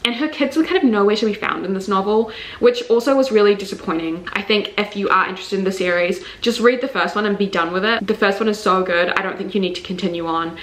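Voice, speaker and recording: A young woman with a New Zealand accent talks through her monthly reads in a loose, candid way, peppering her speech with fillers and the odd swear. Her voice sits at an ordinary middle pitch and rings a little in a roomy space. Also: quick pace, a bit bright. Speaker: book reviewer. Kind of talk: casual book review vlog.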